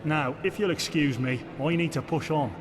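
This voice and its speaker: A man voicing a businesslike courier in a video game, passing on a delivery in a hurry. His voice is fairly high, with music behind it. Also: natural voice. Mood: brisk. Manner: brisk, businesslike. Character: hurried male courier delivering a package. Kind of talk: video game character dialogue.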